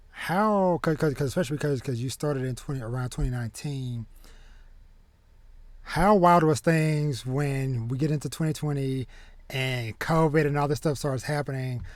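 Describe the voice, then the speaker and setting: A man hosting a podcast, chatting casually in a halting way, with restarts and easy laughs. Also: medium pitch, darkish tone, no room sound. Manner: halting, many restarts and fillers, laughs easily. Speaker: podcast host.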